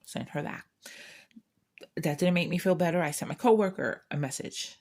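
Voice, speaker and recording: A woman with a notably low, deep-set voice talks in a loose, unscripted chat. She vents candidly about her day, rambling along and often restarting her sentences. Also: normal speed, a little mellow. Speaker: craft channel host. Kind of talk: casual chat.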